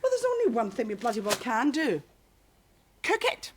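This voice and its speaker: Sitcom housewife, fussy, indignant, high voice. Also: female voice, wildly swooping pitch, normal speed, a little hiss or hum. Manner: indignant, scolding. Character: fussy house-proud middle-aged wife. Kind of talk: sitcom acting.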